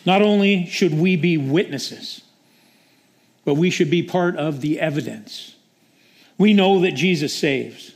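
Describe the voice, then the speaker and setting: A man's voice: on the high side, unhurried, darkish tone. A male preacher delivering a sermon with dramatic storytelling.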